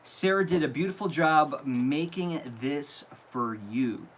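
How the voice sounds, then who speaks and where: Slow-talking man on a live stream. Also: on the high side. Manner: animated, gushing, reads a card aloud and stumbles. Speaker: live-stream host unboxing fan gifts. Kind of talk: casual live-stream chat.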